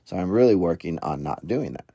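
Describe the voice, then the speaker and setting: Man in his thirties, parenting coach podcaster; deep, husky, self-deprecating storytelling. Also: expressive, fairly quick, warm tone, dry recording, clean studio sound. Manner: rambling, self-deprecating, many fillers and restarts. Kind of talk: casual solo podcast storytelling.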